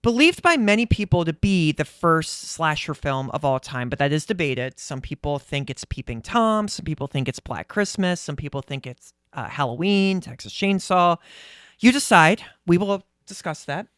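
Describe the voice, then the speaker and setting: A man's voice: fairly high pitch, lively intonation, moderate pace, fairly bright tone, clear, resonant tone, dry recording, studio quality. A man co-hosting a casual podcast, chatty and rambling, laughing often, sleep-deprived. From United States. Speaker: podcast co-host. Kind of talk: casual chat.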